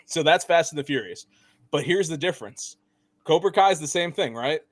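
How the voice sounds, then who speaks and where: A man co-hosting a casual review podcast, animated and laughing often as he talks. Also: fairly high pitch, moderate pace, no room sound. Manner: animated, laughs often, mimics voices in quotes. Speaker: podcast co-host.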